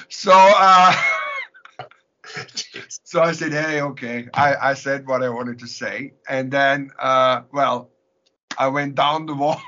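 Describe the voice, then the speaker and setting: A man with a German accent, a musician guest telling stories in a casual interview, animated, laughing often and repeating words. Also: mid-range voice, takes it slowly. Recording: dull lo-fi sound.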